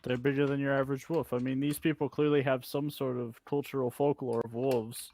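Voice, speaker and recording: A man's voice: mid-range voice, little pitch movement, fairly quick, dark tone, slight background noise. A man playing a tabletop game, explaining his reasoning in casual chat. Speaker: player.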